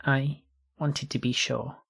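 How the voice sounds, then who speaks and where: A man's voice: medium pitch, flat delivery, slow pace, gravelly, fairly bright tone, slightly rough, voice pushed up, exaggerated voice. A man voicing a small, anxious alien creature who stammers and worries. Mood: timid. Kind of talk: audiobook reading.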